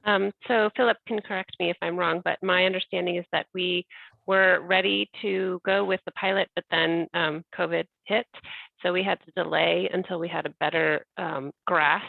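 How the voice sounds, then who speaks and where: City staffer woman, gravelly low voice, phone-like dry audio, measured answers. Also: fairly even intonation, dry recording. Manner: measured, with frequent "um". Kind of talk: answering a council question.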